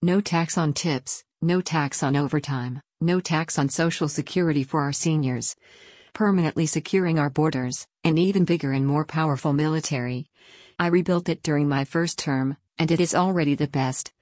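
A woman reading a news article aloud in an even, steady way. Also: low-pitched, moderate pace, dry recording, clean studio sound.

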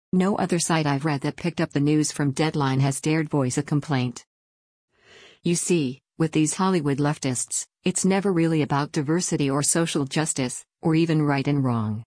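A woman with a low voice reads an opinion news piece aloud. Her delivery is steady and even, and the sound is dry and close with no room around it. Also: no echo. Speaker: article reader.

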